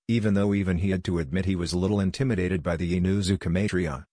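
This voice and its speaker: A man reads a fan fiction story in an even, steady voice. His voice is deep and husky. The recording is dry and close. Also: no echo. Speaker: narrator. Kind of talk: reading fan fiction aloud.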